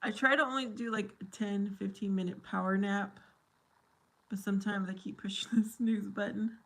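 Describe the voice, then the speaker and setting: A woman's voice: medium pitch, fairly even intonation, normal speed, creaky, fairly bright tone. A middle-aged woman hosting a casual livestream chat with her viewers, silly and giggly. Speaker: livestream host.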